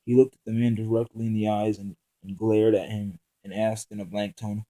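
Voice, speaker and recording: A man's voice: on the low side, little pitch movement, dark tone, low-quality recording. A man reading his own novel aloud, stumbling and restarting lines often. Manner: halting reading with frequent restarts and fillers.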